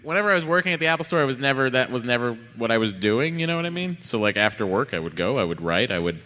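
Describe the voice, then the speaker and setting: A man's voice: mid-range voice, expressive, rapid-fire, pushed and bright. A man hosting a live podcast, answering audience questions in a jokey, rambling way. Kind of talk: live podcast Q&A, joking banter. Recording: reverberant live venue.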